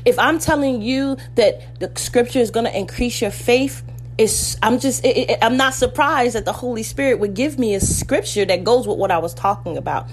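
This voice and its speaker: A woman's voice: on the high side, normal speed, slight background noise. A woman preaching a sermon, fervent and personal, acting out biblical voices as she retells scripture.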